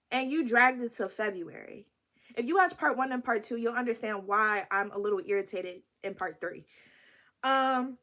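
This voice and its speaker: A woman in her twenties telling a story to camera in a casual, animated and wry vlog style. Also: on the high side. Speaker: vlogger.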